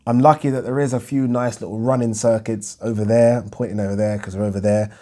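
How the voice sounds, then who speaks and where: A man's voice: lowish voice, fairly even intonation, fast talker, warm tone. A man answering viewer questions in a casual, chatty vlog, loose and rambling, often breaking off mid-sentence. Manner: chatty, loose, self-interrupting, swears.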